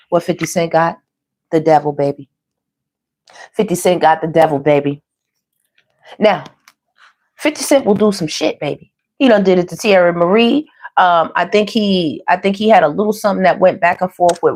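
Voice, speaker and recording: A woman's voice: on the low side, darkish tone. A woman giving a casual tarot reading, chatty and slangy, talking to viewers as y'all and baby. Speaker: tarot reader.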